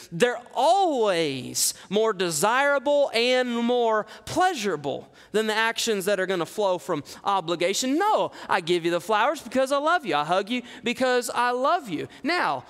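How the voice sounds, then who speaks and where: A man preaching a sermon in a church sanctuary, his voice sitting a little higher than most men's. He delivers it animatedly, pressing his listeners with rhetorical questions. The voice rings out with a long reverb from the large hall. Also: a bit bright. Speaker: pastor.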